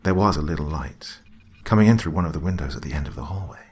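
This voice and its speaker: A man with a very deep voice voicing a frightened teenage girl who halts and trails off as she speaks. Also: expressive, slightly rough, full character voice. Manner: halting, trailing off, fearful.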